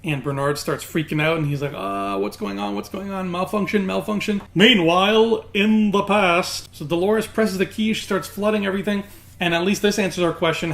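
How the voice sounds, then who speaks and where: Chatty man recapping a TV finale. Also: on the high side. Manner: animated, chatty storytelling with fillers. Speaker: TV show reviewer. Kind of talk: casual recap and analysis.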